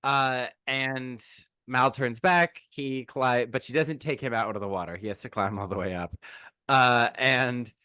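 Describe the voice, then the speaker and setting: A man co-hosting a podcast, recapping a movie in animated, joking chat. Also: mid-range voice, unhurried, clean tone, dry recording, studio quality. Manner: animated, jokey, quotes characters in sped-up asides. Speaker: podcast co-host.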